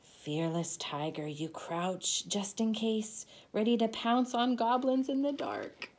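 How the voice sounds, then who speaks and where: Slow, gentle storytime reader woman. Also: medium pitch. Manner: expressive, gentle read-aloud, asks children to join in. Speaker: children's storytime host. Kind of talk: reading a picture book aloud.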